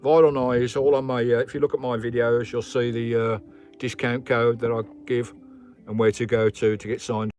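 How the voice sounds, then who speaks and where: A man's voice: mid-range voice, level tone, normal speed, a little mellow. A man hosting a casual live stream from his campervan, rambling between his viewers and his dog. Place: inside a campervan.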